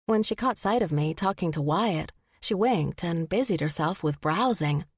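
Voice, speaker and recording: A woman narrating a first-person audiobook, expressive in the character's flustered lines. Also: on the low side, moderate pace, slightly rough, no room sound, clean studio sound.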